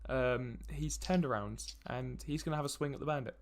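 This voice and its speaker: A man's voice: medium pitch, a little fast, creaky, crowd noise. A man running a casual tabletop game as dungeon master, laid-back and hesitant, laughing often.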